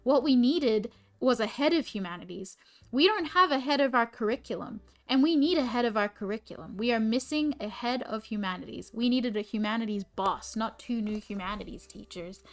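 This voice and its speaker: A woman in her twenties, a teacher who livestreams, venting in casual chat and swearing often. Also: fairly high pitch. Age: 20s. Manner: exasperated venting, frequent swearing.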